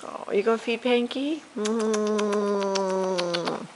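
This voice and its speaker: In a toy-filled room at home, a mother speaks extremely slowly in a mid-range voice, praising and coaxing her toddler in sing-song fashion. It's a home video from a noisy camcorder.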